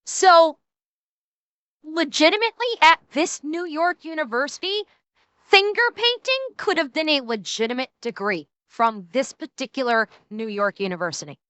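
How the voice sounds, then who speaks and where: A woman streamer chatting casually and reacting to clips, animated and jokey, repeating herself as she goes. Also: high-pitched, moderate pace, no room sound.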